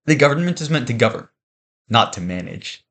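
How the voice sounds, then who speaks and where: A man's voice: mid-range voice, sing-song, a little fast, fairly bright tone. A man reading a scripted narration in an earnest, preachy manner.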